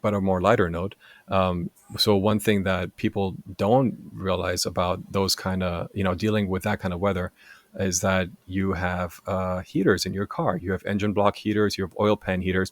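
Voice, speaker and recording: A low-voiced man in his forties from Germany, a native German speaker, tells stories as a podcast guest. He talks in a lively way and keeps checking in with "right?". His voice is recorded close and dry. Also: no echo. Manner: lively, tags sentences with "right?". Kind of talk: casual storytelling chat.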